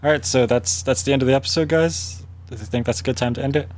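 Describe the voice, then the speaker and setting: A man hosting a casual podcast, calm and wry, wrapping up the talk. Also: mid-range voice, fast talker. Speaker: podcast host. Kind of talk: casual chat.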